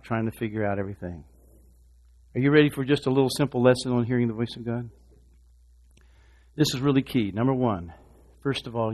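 A man preaching a sermon, talking straight to the congregation in an animated way, dropping to a hush and then rising loud, with quick asides to the crowd. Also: medium pitch. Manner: animated, swinging from hushed to loud.

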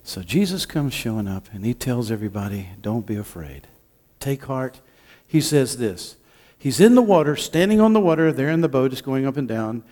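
A man preaching a sermon as pastor, impassioned, moving between hushed and loud delivery. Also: mid-range voice, lively intonation, a little fast, hardly any pauses.

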